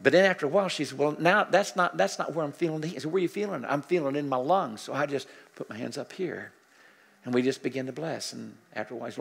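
An older man preaching a healing sermon, telling stories with lively acted-out dialogue and dropping to soft, murmured prayers. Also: medium pitch, quick pace, vocal fry, slightly rough. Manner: animated storytelling, acting out dialogue, drops to soft prayerful murmurs. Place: church sanctuary.

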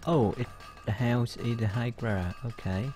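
A man casually commenting on his gameplay, hesitant and muttering, with many ums and pauses. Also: mid-range voice, dark tone.

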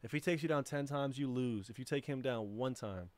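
A man's voice: mid-range voice, fairly quick. Man hosting a laid-back livestream. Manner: laid-back, rambling, laughs easily. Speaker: livestream host. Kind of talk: casual livestream chat.

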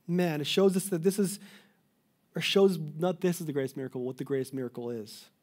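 A man's voice: a little high, brisk, darkish tone. A man preaching a sermon as a pastor, earnest and pleading, often restarting mid-phrase. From Canada.

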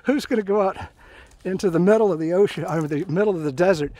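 A man in his fifties tells stories from his Marine days while he hikes, pausing on fillers and restarting lines as he goes. His voice sits a little high, and it is recorded close and dry. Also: warm tone, dry recording. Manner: rambling, full of fillers and restarts. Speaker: Marine veteran storyteller. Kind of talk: casual spoken storytelling. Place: outdoors on a hiking trail. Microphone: phone held while walking.

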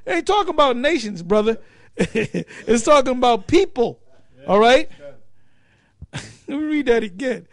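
A man in a casual scripture discussion, reading verses slowly and laughing often as he teases. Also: very high voice, big pitch swings.

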